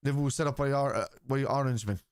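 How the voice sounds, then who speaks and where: Blunt swearing streamer, dry close mic. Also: male voice, medium pitch, racing, clean tone, no room sound. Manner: blunt and argumentative, swears freely. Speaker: football watchalong streamer. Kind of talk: casual live-stream chat, answering viewers.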